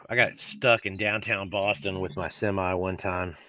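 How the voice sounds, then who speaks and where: A man's voice: low voice, steady tone, moderate pace, few pauses, pushed and bright, a little hiss or hum. A man who drives trucks, telling stories in a laid-back casual chat.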